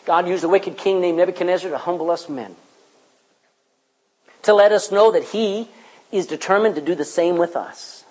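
A man preaching a sermon in church, with loud rises and quiet drops. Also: high-pitched, normal speed, long pauses, low-quality recording. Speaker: pastor.

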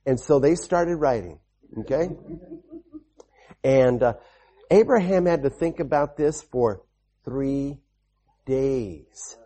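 Husky-voiced man preaching to children. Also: mid-range voice, slow, pauses often. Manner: animated, repetitive, with call-and-response amens. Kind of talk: children's sermon storytelling.

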